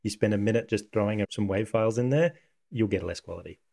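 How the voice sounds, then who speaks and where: A man hosting a casual coding tutorial, talking through software on screen in a relaxed, conversational way. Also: fairly low pitch, quick pace, creaky. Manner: relaxed, conversational, thinks aloud.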